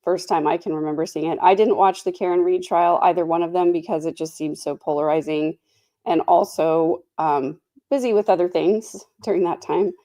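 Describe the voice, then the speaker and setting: A woman's voice: fairly low pitch, steady tone, moderate pace, mellow. Chatty woman hosting a true crime livestream. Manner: chatty, reflective, many fillers. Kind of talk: casual livestream commentary.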